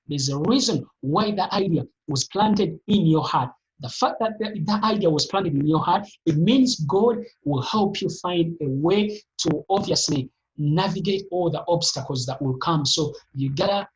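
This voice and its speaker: Heard over a video call in a live online session, a motivational speaker gives an emphatic, repetitive talk, his pitch jumping suddenly upward. The recording is muffled.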